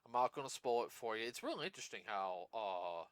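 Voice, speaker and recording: A man's voice: lowish voice, lively intonation, a little fast, clean tone, no room sound. A man hosting a casual podcast, rambling through his points with plenty of fillers and restarts. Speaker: podcast host.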